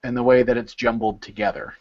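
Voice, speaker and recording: A man's voice: mid-range voice, little pitch movement, quick pace, a little mellow, dull audio. Man leading an informal tutoring session. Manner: explanatory, repeats words as he thinks. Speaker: study session leader. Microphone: video call.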